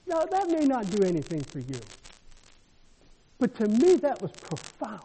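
A high-voiced man preaching with a husky edge, his voice rising to fervent peaks and then dropping to quiet storytelling. The sound rings out with a long reverb, as if from a big hall. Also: huge pitch swings, a little slow, long pauses. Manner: swings from loud shouted preaching to soft intimate storytelling. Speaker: pastor. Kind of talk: sermon.

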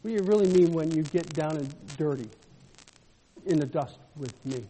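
A male pastor preaching a sermon, swinging between loud, fervent declarations and soft, intimate storytelling. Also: fairly high pitch, normal speed. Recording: echoey hall with long reverb.

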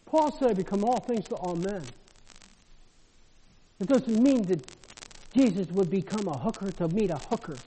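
A high-voiced man preaching with a husky edge, his voice rising to fervent peaks and then dropping to quiet storytelling. The sound rings out with a long reverb, as if from a big hall. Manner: swings from loud shouted preaching to soft intimate storytelling. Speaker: pastor. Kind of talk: sermon.

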